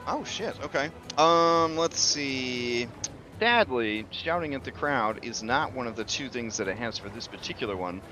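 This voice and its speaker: A man's voice: mid-range voice, animated, normal speed, over music. A man running a tabletop game as game master, talking loosely and chattily with many fillers and the odd curse.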